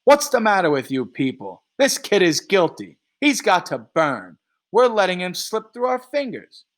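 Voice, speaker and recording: A man reading a play aloud and voicing a furious, bullying middle-aged male juror who shouts and rants. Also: medium pitch, sing-song, unhurried. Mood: ranting. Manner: shouting, ranting.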